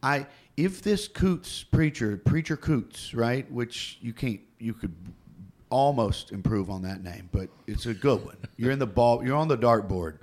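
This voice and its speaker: A man co-hosting a casual chat, rambling and animated as he tells stories and laughs. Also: mid-range voice, measured pace.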